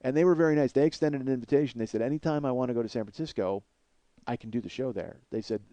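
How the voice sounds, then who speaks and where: A man's voice: mid-range voice, fast talker, warm tone, no room sound. A man in his forties hosting a podcast, rambling in a self-deprecating, swear-heavy comedic monologue. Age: 40s. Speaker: podcast host.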